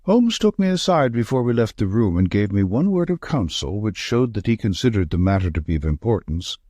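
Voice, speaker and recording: A man narrating a classic story in a measured, storytelling manner. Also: fairly low pitch, sing-song, mellow, no room sound. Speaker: audiobook narrator. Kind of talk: scripted narration.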